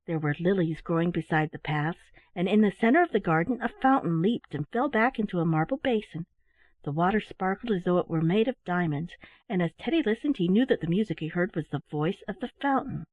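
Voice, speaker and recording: A woman narrating a children's bedtime story in a gentle, expressive reading voice. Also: fairly low pitch, dry recording. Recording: dry, phone-like narrow sound.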